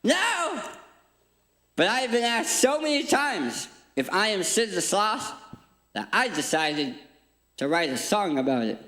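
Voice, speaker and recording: In an echoey church auditorium, a guest speaker in his thirties who has a permanent speech impediment offers a humorous, inspirational talk full of self-deprecating jokes. His voice sits high, very animated and bright, with a forceful tone at normal speed.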